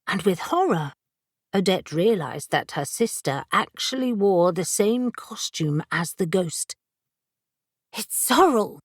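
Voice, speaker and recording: Slow, measured woman audiobook narrator. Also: fairly low pitch, expressive, no room sound, clean studio sound. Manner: measured, voicing each character. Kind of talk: scripted narration.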